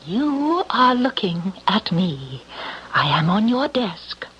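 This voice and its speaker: An actress playing a commanding, taunting thief-queen spirit in an old radio drama, speaking slowly and hypnotically with whispered asides. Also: mid-range voice, big pitch swings, a bit bright, husky, heavily acted. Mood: menacing. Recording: dull lo-fi old radio recording.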